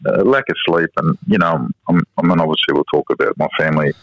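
A man in his fifties with an Australian accent, talking as a podcast guest and telling family stories, sometimes mimicking his small children in a high voice. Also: fast talker, no echo. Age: 50s. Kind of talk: casual interview chat. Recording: slightly dull podcast audio.

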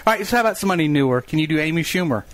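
A man co-hosting a casual podcast, tossing out quick suggestions and teasing his friend. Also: fairly high pitch, expressive. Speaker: podcast co-host.

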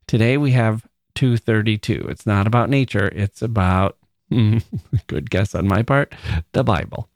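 A man hosting a podcast, reading a poem aloud slowly and musing over each line. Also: on the low side, creaky, dry recording, studio quality. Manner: slow, musing, reads quotations aloud. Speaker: podcast host.

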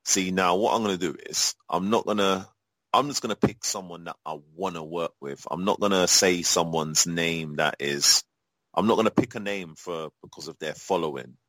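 A man's voice: sits low, normal speed, fairly bright tone, dry recording, poor audio. A man from Europe answering interview questions in a casual, rambling way, with many fillers and restarts and blunt, profane talk. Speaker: guest, adult performer.

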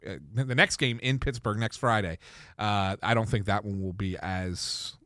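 A man's voice: lowish voice, fairly even intonation, moderate pace, sharp tone, no room sound. A man co-hosting a casual sports podcast, chatty and easygoing, recorded on a close microphone. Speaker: podcast co-host.

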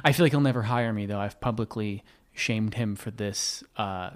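A young man guest on a podcast, telling rambling stories in a relaxed, casual chat. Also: lowish voice, normal speed.

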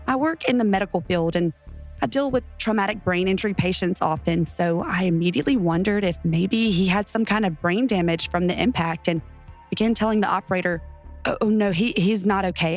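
A woman's voice: fairly low pitch, a little mellow. Woman narrating a true horror story.

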